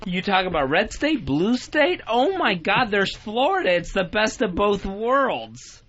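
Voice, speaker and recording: A man's voice: high voice, very animated, measured pace, fairly bright tone, highs cut off. A drunk man co-hosting a radio show, over-enunciating as he raves and repeats exclamations.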